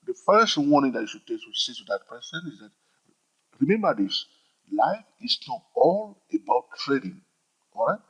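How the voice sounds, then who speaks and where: With big pitch swings and a fairly bright, slightly rough mid-range voice at normal speed, this trading educator lectures informally, repeating himself emphatically and asking "all right?" often. The recording is dull and lo-fi.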